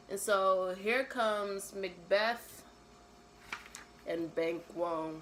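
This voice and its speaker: A woman's voice: medium pitch, takes it slowly, fairly bright tone, slight background noise, poor audio. A young woman retelling a classic play in casual slang, mixing read verse with her own summary and often adding "right?".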